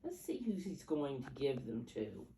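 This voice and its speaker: A woman's voice: rumbling low, wildly swooping pitch, unhurried, mellow. An older woman reading picture books aloud to small children in a coaxing, teacher-like way, counting along and asking them questions. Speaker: storyteller for preschoolers. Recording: roomy echo, mic at a distance, faint background hum.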